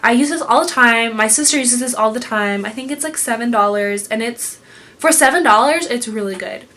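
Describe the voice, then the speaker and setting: A woman's voice: fairly high pitch, a little fast, a bit bright. A young woman chatting casually at home as a beauty vlogger, gushing and rambling with lots of fillers. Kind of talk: casual chatty product review. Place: home room.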